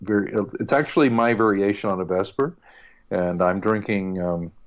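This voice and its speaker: A man's voice: lowish voice, moderate pace, dull audio. A man co-hosting a casual podcast, chatty and joking with playful asides. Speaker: podcast co-host. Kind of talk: casual chat.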